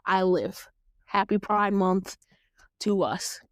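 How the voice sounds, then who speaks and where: Woman, young adult, casual TV recap host, animated, laughing, smooth tone, dry sound. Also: medium pitch, takes it slowly, no room sound. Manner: animated, laughing, acts out lines in playful voices. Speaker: podcast host.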